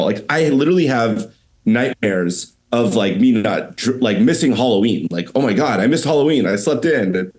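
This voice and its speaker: A man's voice: fairly low pitch, darkish tone. Chatty young man telling stories. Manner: rambling storyteller, lots of "like". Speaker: podcast guest, company founder. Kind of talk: casual chat.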